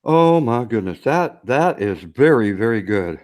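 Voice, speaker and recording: A plain-spoken man chatting on a casual live stream, enthusiastic and down to earth. His voice sits in an ordinary middle pitch, and he keeps checking in with his listeners as he talks. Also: very animated, a little slow, a little mellow. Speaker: co-host.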